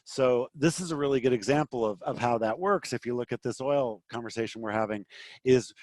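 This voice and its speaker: A middle-aged man running a live trading lesson on screen, explaining quickly and loosely with many fillers and restarts. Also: mid-range voice, a little mellow, no room sound. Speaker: trading educator.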